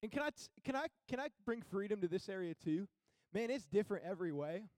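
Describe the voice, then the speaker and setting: A young man preaching a sermon as pastor, conversational and casual, building to emphatic high peaks. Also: animated, fast, a little mellow, no echo, studio quality.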